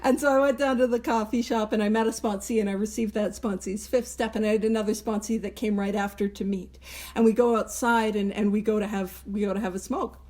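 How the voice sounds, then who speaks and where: A woman's voice: medium pitch, steady tone, a little fast, a little mellow. A woman hosting a recovery book study, teaching in a casual spoken way, earnest and emphatic, with small chuckles between phrases.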